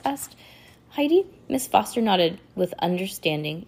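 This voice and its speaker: Young mom reading a kids book out loud, raspy voice, real lively. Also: female voice, fairly low pitch, normal speed. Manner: animated, breaks off to chat and laugh. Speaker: parent reading aloud. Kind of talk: storybook read-aloud to a child.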